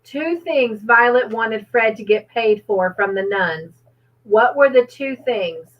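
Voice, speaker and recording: Cheerful woman trivia host, higher voice, unhurried delivery, dull lo-fi sound. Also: expressive. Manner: cheerful, reads out viewers' comments and laughs often. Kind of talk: livestream trivia hosting.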